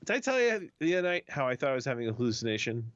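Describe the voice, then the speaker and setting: A man's voice: medium pitch, very animated, racing, fairly bright tone, no echo. A man co-hosting a podcast, teasing his friend and telling a story in casual chat. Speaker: podcast co-host. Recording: dry, dull lo-fi sound.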